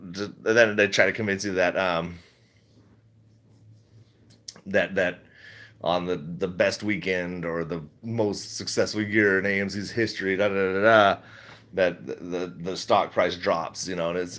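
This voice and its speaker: A man's voice: low voice, fairly even intonation, moderate pace, a bit bright. A middle-aged man chatting casually on a livestream, reading chat, rambling and laughing often.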